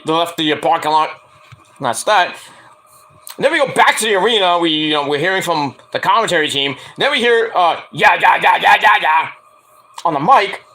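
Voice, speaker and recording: A man's voice: high voice, pushed and bright. A man casually recapping a wrestling show, rambling with lots of "like" and "uh" fillers. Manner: rambling, heavy use of "like" and "uh" fillers; acts out quoted lines in a raised voice.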